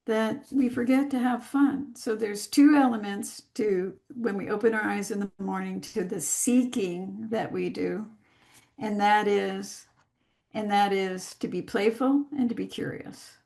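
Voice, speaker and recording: A woman teaching an online master class, speaking slowly and deliberately with pauses. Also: medium pitch, fairly even intonation, creaky, a little mellow. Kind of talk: live online class talk. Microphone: video call.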